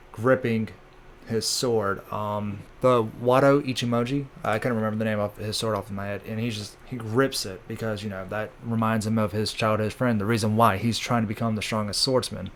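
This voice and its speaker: A man's voice: fairly low pitch, steady tone, normal speed, slight background noise. A man casually recapping comic chapters in a rambling way, with many fillers and crude jokes. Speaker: channel host recapping manga.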